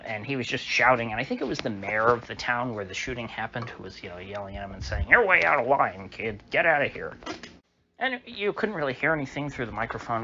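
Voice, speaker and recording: A man's voice: on the low side, bright, forceful tone, dull audio, slight background noise. A man delivering a solo political commentary monologue in a sarcastic, mocking tone, with chuckling asides.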